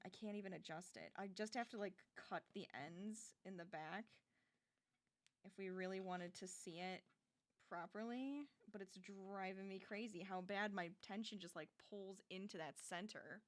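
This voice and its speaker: A woman's voice: mid-range voice, normal speed. A young adult woman streaming as she crochets, chatting casually and animatedly with her viewers and laughing often.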